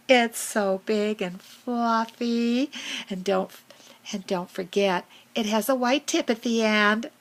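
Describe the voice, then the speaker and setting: A woman voicing a friendly, vain female fox who tells a children's story in a whispered role-play, with a slow, breathy manner. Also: fairly high pitch, rough recording. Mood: proud, playful.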